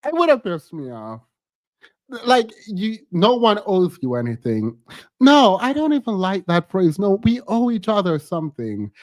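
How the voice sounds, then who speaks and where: Woman streamer, reaction commentary, slow delivery with a lively pitch, laughs a lot, dry close sound. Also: no room sound. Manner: laughs often, mocking asides.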